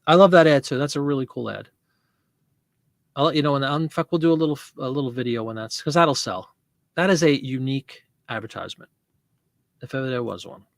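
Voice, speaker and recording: He runs a casual livestream for selling, chatty and rambling, laughing frequently and reading comments from viewers out loud. His mid-range voice has some vocal fry, moves a little fast and pauses often, captured in a dry recording.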